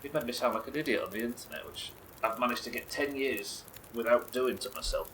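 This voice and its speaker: Streaming a survival game, a man keeps up loose, rambling commentary, swearing and making jokes at his own expense. His medium-pitched voice is fairly bright and a little fast, with slight hiss or hum.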